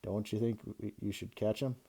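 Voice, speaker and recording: A man reading aloud, voicing a calm middle-aged father who speaks in a measured, disapproving way. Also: on the low side, husky. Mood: hesitant.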